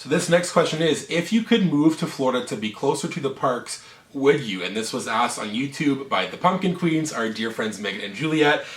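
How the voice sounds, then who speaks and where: A man's voice: mid-range voice, a bit bright. Young male co-host, easygoing and rambling, roomy distant sound. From Canada. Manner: chatty, laughs easily, rambling. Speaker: channel co-host. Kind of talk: casual Q&A chat. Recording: roomy echo, mic at a distance.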